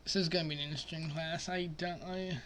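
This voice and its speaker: A man commenting casually on a basketball simulation, muttering quietly at times and then breaking into loud, excited outbursts. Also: fairly high pitch, fast talker, slight background noise. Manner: excitable, swings from mumbled asides to loud outbursts. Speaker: simulation gaming streamer.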